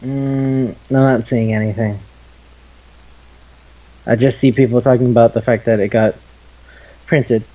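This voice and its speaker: A man in his twenties co-hosting a casual chat podcast, excitable and quick to swear. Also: mid-range voice, muffled recording. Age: 20s. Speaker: podcast co-host. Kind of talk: casual chat about anime.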